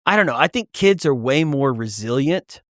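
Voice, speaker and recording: A man hosting a podcast, talking in relaxed casual chat and chiming in often. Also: medium pitch, normal speed, no room sound, clean studio sound. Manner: relaxed, conversational, chimes in often. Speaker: podcast host.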